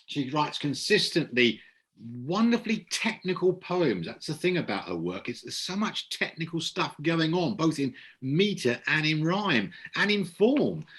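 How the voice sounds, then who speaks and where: A man's voice: a little high, sing-song, unhurried, a bit bright, breathy edge. A man from Kent, hosting a poetry reading and heaping effusive praise on the poets. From Kent, England. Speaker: host.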